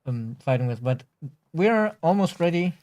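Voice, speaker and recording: A man co-hosting a game livestream, calmly planning strategy with hesitant pauses and fillers. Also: a little high, no echo. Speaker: livestream co-host. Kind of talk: casual gaming stream chat.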